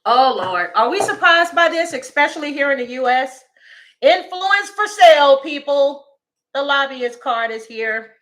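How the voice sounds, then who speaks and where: A woman chats through a tarot reading on a livestream and talks directly to her audience. Her voice sits fairly high and has a bright edge. She sounds lively and informal as she jumps from joking to urgent appeals. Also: normal speed, hardly any pauses. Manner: chatty, animated, talks straight to viewers. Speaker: tarot reader.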